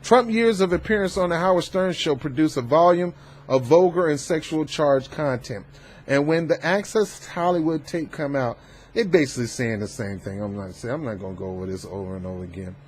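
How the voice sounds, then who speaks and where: A man hosting a political commentary vlog, talking in an emphatic, animated and preachy way. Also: fairly high pitch, fairly quick. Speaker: host.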